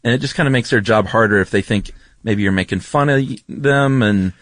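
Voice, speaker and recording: Podcast co-host: man, lowish voice, chatty and explanatory, dry close recording. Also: fairly quick, fairly bright tone, no room sound. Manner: chatty and explanatory, with frequent ums. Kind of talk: casual chat.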